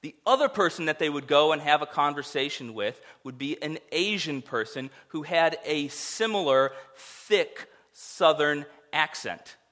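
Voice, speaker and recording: Bright-voiced male pastor preaching. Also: a little high, measured pace, hardly any pauses. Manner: conversational, animated preaching with rhetorical asides. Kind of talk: sermon.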